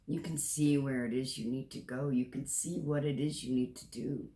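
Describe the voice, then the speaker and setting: A man's voice: mid-range voice, steady tone, normal speed, dark tone. A man in his sixties giving a spiritual tarot reading, earnest and emotional, often repeating and restarting phrases. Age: 60s. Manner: emotional, tearful at times, earnest and encouraging. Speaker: tarot reader. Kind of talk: spiritual card reading monologue.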